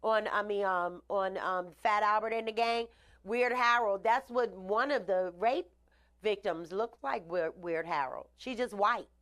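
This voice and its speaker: A woman hosting a live online show, chatting casually with shout-outs and blunt opinions. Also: medium pitch, measured pace. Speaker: host. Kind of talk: casual live-stream talk.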